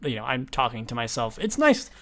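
A man's voice: mid-range voice, big pitch swings, a little fast, a bit bright. A young man hosting a podcast, chatting casually, rambling with lots of restarts and laughs. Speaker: podcast host. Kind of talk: casual chat.

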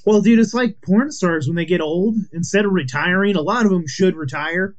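Blunt swearing man, higher voice. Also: normal speed. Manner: blunt, swearing, rambling with many "like" fillers. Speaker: podcast co-host. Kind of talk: crude casual chat.

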